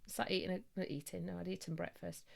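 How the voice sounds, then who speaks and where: Woman guest, psychic medium, low-pitched, lively anecdotal delivery. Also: gravelly. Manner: lively storyteller, quick bursts of laughter. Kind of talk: casual podcast chat.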